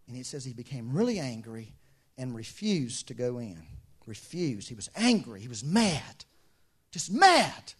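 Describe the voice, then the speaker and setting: A man's voice: medium pitch, sing-song, unhurried, husky. A middle-aged man preaching a sermon, telling stories, acting out quoted voices and laughing often. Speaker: pastor.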